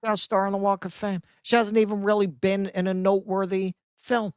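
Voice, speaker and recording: A man hosting a political commentary podcast, sarcastic, with animated, swearing rants. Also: sits high, a little fast, clean tone, no echo. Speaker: podcast host. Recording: dull lo-fi dry sound.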